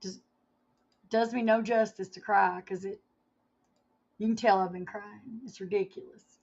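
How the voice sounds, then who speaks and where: Gravelly, chatty woman on a lo-fi stream. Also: medium pitch, steady tone, measured pace, darkish tone. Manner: chatty, reads headlines aloud, laughs often. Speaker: livestream host. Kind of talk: casual livestream chat. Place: home, indoors.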